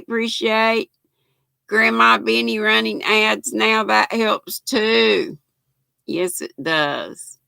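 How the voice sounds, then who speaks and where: A woman's voice: on the low side, gravelly, pushed and bright, dry recording. An older woman, hosting a casual livestream, reading viewer comments aloud and thanking them often. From United States. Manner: chatty, thanks viewers often, laughs easily. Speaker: livestream host.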